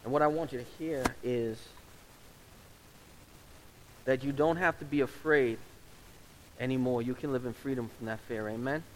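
A male pastor delivers an earnest, emotional sermon in a church, pleading with his listeners in a voice of ordinary middle pitch. A faint hiss runs under the recording. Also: fairly even intonation, moderate pace, pauses often, rough recording. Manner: earnest, pleading altar call.

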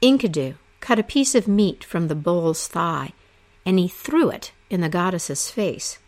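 A woman narrating an ancient myth aloud in a slow, expressive storytelling manner. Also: on the low side.

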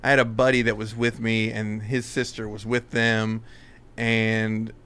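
A man's voice: lowish voice, level tone, unhurried, a bit bright, clear, resonant tone. A man telling a rambling story in casual podcast chat, full of fillers and restarts. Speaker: podcast guest.

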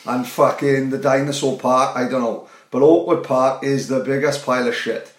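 A man's voice: mid-range voice, fairly even intonation, normal speed. A man, co-hosting a podcast, ranting sarcastically and swearing constantly in casual chat. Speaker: podcast co-host. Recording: roomy echo.

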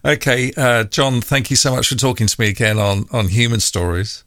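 A man's voice: mid-range voice, a little fast, a bit bright, no room sound. Man hosting an interview, dry sound. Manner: friendly, asks questions with restarts. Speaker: podcast host. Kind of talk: casual interview chat.

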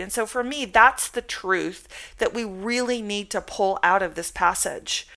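Bright-voiced woman teaching the Bible. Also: medium pitch, unhurried, few pauses. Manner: reads scripture aloud, then explains it conversationally.

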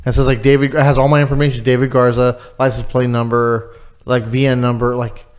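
A man's voice: mid-range voice, level tone, fast, a little mellow, smooth. Casual man swapping stories. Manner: swearing, storytelling with quoted voices. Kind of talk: casual chat.

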